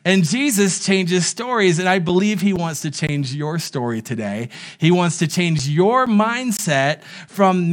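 A man's voice: high-pitched, lively intonation, a little slow, hardly any pauses. A man, a pastor, preaching a sermon to a church congregation streamed online, telling a story with playful asides and acted-out dialogue.

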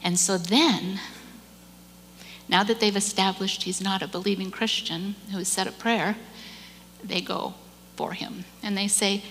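A woman giving a church message, telling a story with animated delivery and acting out the people in it. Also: medium pitch, unhurried, in a large hall, a little hiss or hum. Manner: animated storyteller, acts out quoted voices, repeats words. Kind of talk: sermon storytelling.

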